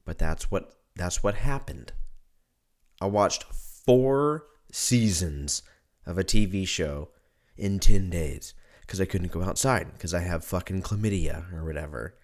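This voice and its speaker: A man's voice: low voice, moderate pace. A man hosting his own podcast in a casual solo monologue, drunk, congested, rambling and swearing freely. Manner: rambling and profane. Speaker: podcast host. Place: at home.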